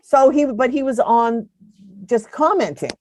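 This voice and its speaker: A woman's voice: high-pitched, lively intonation, measured pace, a little mellow, no echo. A woman in her seventies, a podcast guest, telling stories in a chatty way and laughing often. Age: 70s. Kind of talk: casual interview chat.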